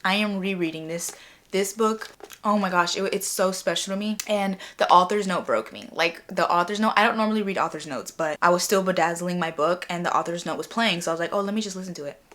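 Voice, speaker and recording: A young woman chatting casually in a reading vlog, gushing and excitable, full of repeats and fillers. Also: on the low side, brisk. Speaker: book vlogger.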